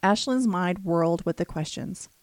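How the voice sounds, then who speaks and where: A woman narrating an audiobook thriller in a steady, measured reading. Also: on the low side, no echo.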